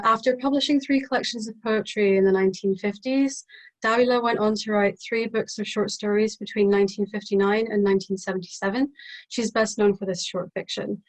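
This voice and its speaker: A woman in her twenties presenting a research paper at an online seminar, reading in a measured, careful way over a video call. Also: mid-range voice. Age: 20s. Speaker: guest speaker.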